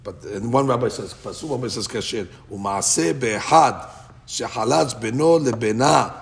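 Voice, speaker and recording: A man's voice: mid-range voice, normal speed, creaky. A man teaching a Talmud study class, explaining in English with chanted Aramaic quotes and frequent restarts.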